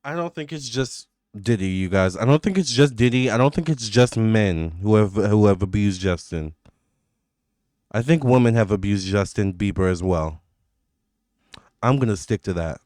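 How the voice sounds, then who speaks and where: Smooth-voiced man rambling through a tarot reading. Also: lowish voice, animated, normal speed, darkish tone, no echo, studio quality. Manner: rambling, filler-heavy talk with many restarts. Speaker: tarot reader. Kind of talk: casual psychic tarot reading to camera.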